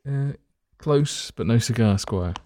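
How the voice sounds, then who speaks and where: A man's voice: mid-range voice, expressive, takes it slowly, warm tone, slight background noise. Teasing man hosting a quiz. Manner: teasing, reads clues with playful asides. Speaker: quiz host. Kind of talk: casual quiz among friends.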